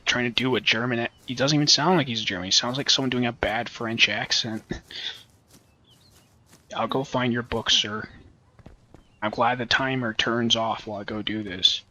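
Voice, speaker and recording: A man's voice: mid-range voice, steady tone, normal speed, long pauses, bright, forceful tone. A man hosting a let's play, rambling, joking and swearing as casual gameplay commentary.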